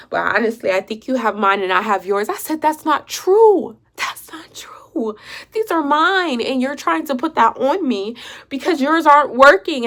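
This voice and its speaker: A woman's voice: a little high, a bit bright. A young woman vlogging an emotional story, upset, repeating herself and sometimes dropping to a whisper.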